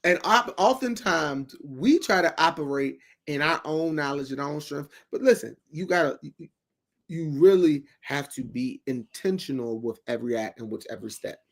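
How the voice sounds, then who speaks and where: A man's voice: fairly high pitch, normal speed, vocal fry. A man, a guest on a talk show, speaking in an emphatic, preachy way about faith and everyday life. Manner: preachy and emphatic, acts out quoted voices.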